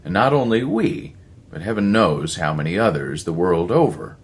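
A male narrator voicing an older scientist who sounds intense and commanding and speaks in a lecturing, slightly halting way. He plays it as a storybook figure. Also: low voice, expressive, pitched above the performer's own voice.

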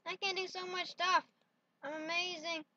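A woman with a bright, high voice runs a playful solo vlog, unhurried and giggly, tossing out silly exclamations. The sound is dry and a little dull, like a cheap home mic. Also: flat delivery, no room sound. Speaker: vlogger.

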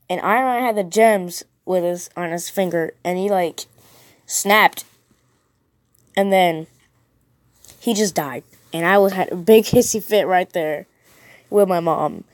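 A woman's voice: mid-range voice, no room sound. A woman hosting her own storytelling video, breaking off from the story to make chatty, goofy, self-mocking asides. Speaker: storytelling channel host. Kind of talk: casual asides while reading.

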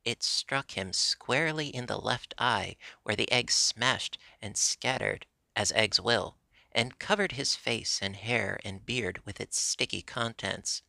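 Gravelly, bright-voiced male storyteller. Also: on the low side, slow, dry recording. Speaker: audiobook narrator. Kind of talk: storybook reading.

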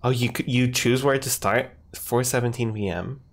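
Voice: medium pitch, moderate pace. Giggly chatty game streamer. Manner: giggly, chatty, reads chat aloud. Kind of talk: casual let's-play commentary.

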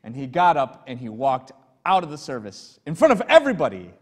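A man's voice: medium pitch, huge pitch swings, brisk. A male pastor preaching an earnest, emphatic sermon and telling stories to his congregation in a church sanctuary. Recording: long church hall reverb.

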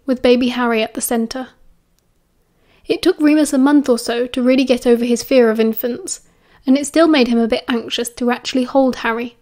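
A woman with a British accent narrating an audiobook in a calm, even storytelling manner. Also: sits high.

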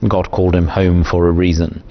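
A man hosting a studio panel discussion, calmly putting questions to his guests. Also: sits low, gravelly. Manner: measured, posing questions to panelists. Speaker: show host. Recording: dull lo-fi sound, faint noise.

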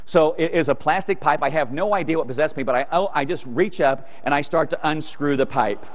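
An animated middle-aged man tells funny family stories from the stage and plays out each scene for the crowd. His voice sits somewhat high. A long hall reverb trails behind each line. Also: a little fast. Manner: animated, acts out family scenes, talks to the audience. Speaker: keynote speaker. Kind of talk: humorous storytelling keynote. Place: large hall with a live audience.

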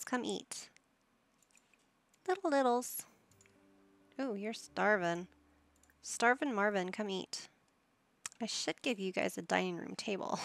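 Slow-talking woman with a gravelly edge. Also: mid-range voice, fairly bright tone. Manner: talks to her game characters like a playful parent. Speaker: gaming YouTuber. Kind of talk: casual gameplay commentary.

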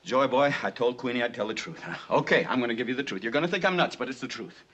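An actor playing a cocky gangster bootlegger in a 1960s film, talking in tough street slang. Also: male voice, medium pitch, lively intonation, fast, a bit bright, husky, highs cut off. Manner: tough street slang, pleading then defiant.

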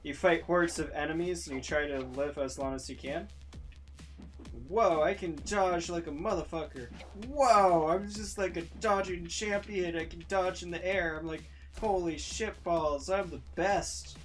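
A woman commenting on a video game she is playing, talking in a slow, drawn-out way. She is excitable and profane, breaking into yelps and battle cries. Faint game music plays underneath. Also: on the low side. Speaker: gaming channel host. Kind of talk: let's play commentary.

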